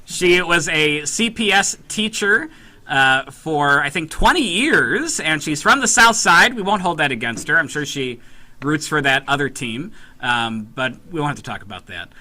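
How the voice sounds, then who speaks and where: A man hosting a fundraiser event, introducing a comedian with lively, joking remarks and filler uhs. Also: on the high side, moderate pace. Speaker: event host.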